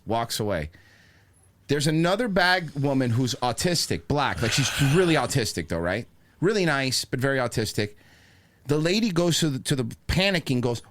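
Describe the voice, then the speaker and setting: A man on a comedy podcast spins a rant in casual, profane language. His voice swings wildly up and down as he acts out each person in the tale, sitting at a middle pitch for a man. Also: moderate pace. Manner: animated, profane, mimics people in his stories. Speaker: podcast host. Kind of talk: comedic storytelling chat.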